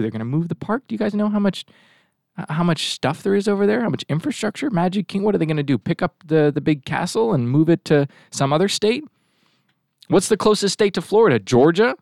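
A man's voice: high-pitched, expressive, fast, creaky, a little mellow, no room sound, studio quality. A male talk show host giving a rambling, sarcastic commentary monologue and throwing asides to his crew. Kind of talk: casual political commentary monologue.

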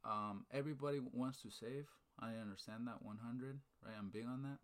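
Talking at a moderate pace in a medium-pitched voice, a man tells a story with energy during casual conversation. His animated, fired-up delivery is peppered with "right?" and "okay?", casual swearing, and mentions of faith.

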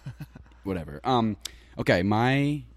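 A young man co-hosting a casual podcast, joking and laughing, sometimes breaking into loud chants. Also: lowish voice, expressive, unhurried. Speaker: podcast co-host. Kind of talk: casual chat.

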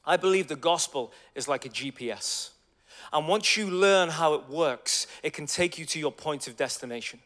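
A man preaching a sermon full of stories, conversational and energetic, swinging between loud bursts and hushed asides. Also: fairly high pitch, normal speed. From Ireland. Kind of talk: sermon with storytelling. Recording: long hall reverb.

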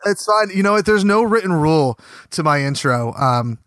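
A man hosting a podcast, talking in a loose, rambling way full of fillers and restarts. His voice sits a bit high for a man, and the sound is very dry and close. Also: expressive, moderate pace, a bit bright, dry recording. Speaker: podcast host. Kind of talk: casual podcast chat.

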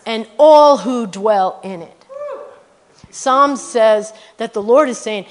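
A middle-aged woman guest preacher telling testimony stories in a sermon, animated and rising to loud exclamations. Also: a little high, slow pace.

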